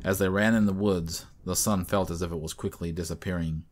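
A man with a notably deep, low voice reading a scripted horror story. His delivery is measured and steady, like a storyteller. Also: slight background noise.

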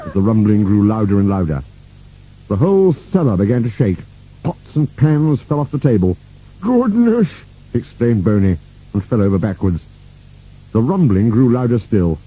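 A man narrating a children's storybook with an expressive, playful reading. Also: lowish voice, normal speed, breathy edge, rough recording.

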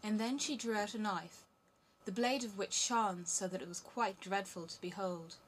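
Woman reading a fairy tale, steady and clear, bit of faint noise behind. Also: mid-range voice, normal speed. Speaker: audiobook narrator. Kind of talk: scripted fairy-tale narration.

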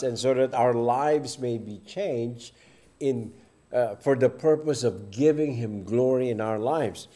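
A man's voice: fairly high pitch, darkish tone. A man preaching a sermon in a church, reading scripture aloud and stressing key words with emphasis. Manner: deliberate, emphatic, with swelling stresses.

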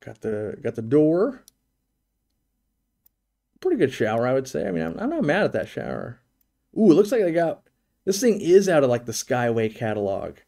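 A man's voice: fairly high pitch, very animated, normal speed, vocal fry, long pauses, mellow. A man hosting a live stream, giving a casual, joking commentary on a virtual home tour and thinking aloud with many restarts.

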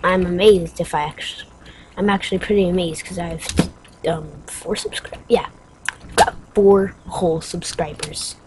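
A woman's voice: lowish voice, steady tone, normal speed, noisy background. A woman giving let's play commentary, rambling and mocking herself, with sudden yelps and screams. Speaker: game player.

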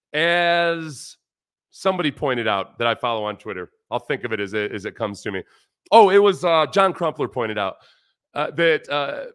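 A former football player in his forties hosting a casual sports livestream, talking in animated, rambling bursts with restarts while reading chat comments aloud. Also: mid-range voice, clean tone, dry recording, clean studio sound. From United States.

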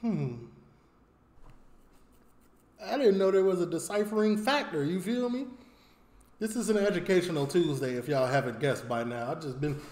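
A man hosts a reaction video in a relaxed, slangy way and talks right to his viewers. His voice sits fairly high for a man. The room around him sounds echoey. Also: normal speed, long pauses. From Chicago, United States. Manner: laid-back slang, talks straight to viewers. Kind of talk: casual reaction commentary.

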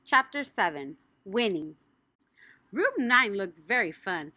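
Animated woman reading a children's book. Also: a little high, measured pace, no room sound. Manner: animated, playful storytelling. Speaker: audiobook reader. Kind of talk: children's audiobook narration.

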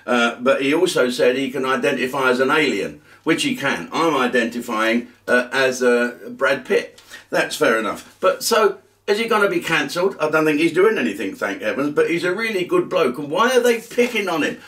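A man's voice: medium pitch, expressive, moderate pace, fairly bright tone, recorded from a distance. A man hosting a comedy show, ranting in an exasperated way.

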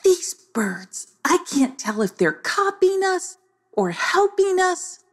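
A woman's voice: extremely high pitch, sing-song, takes it slowly, voice pushed up, full character voice. A woman voicing a confident, clever young girl twin in a children's story. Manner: confident, proud.

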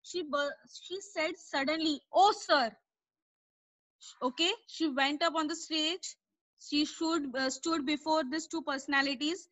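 Woman teaching a lesson, high voice, slow and careful, dry close sound. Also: fairly even intonation, sharp tone, no echo, rough recording. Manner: explains word meanings patiently, repeating herself. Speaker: English teacher. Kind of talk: online class lesson explaining a story.

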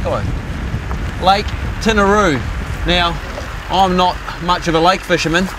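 A man hosting a fishing show outdoors, chatty, upbeat and joking with his crew. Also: fairly high pitch. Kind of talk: casual on-camera presenting. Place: outdoors by a lake and on a small boat. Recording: outdoor ambient noise.

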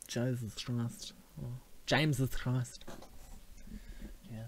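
A man's voice: medium pitch, fairly even intonation, very slow, slight background noise. A young man with an Australian accent hosting a live stream, joking and laughing often. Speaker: stream host. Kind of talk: casual live-stream chat.

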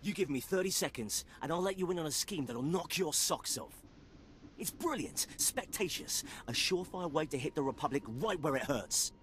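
A gleeful scheming plotter. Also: male voice, lively intonation, moderate pace, a bit bright, slight background noise. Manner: eager, gleeful salesman pitch. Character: excitable scheming male Imperial plotter.

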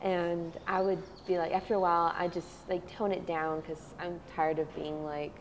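A woman's voice: lowish voice, normal speed, few pauses, long reverb tail, soft background music. A young woman with a Texas accent, talking casually in an interview and filling her speech with "I mean" and "like". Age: young adult. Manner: chatty, many fillers like "I mean" and "like".

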